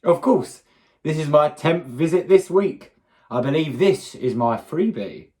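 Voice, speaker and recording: A woman's voice: sits low, expressive, a little slow, a little mellow, pitched below the performer's own voice. A woman voicing a smug, pompous male client who stammers, read aloud from a story.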